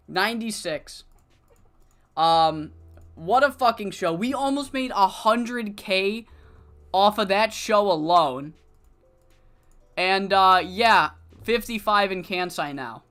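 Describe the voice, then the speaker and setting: A man streaming a wrestling management game, talking casually, thinking out loud and swearing freely. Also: high voice, animated, takes it slowly, pauses often, clean tone. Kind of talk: casual let's-play commentary.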